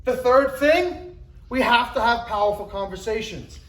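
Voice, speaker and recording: This man in his forties is expressive and unhurried as he gives a motivational talk, emphatically acting out little scenes where his pitch rises and he shouts. The room echoes and the audio is poor.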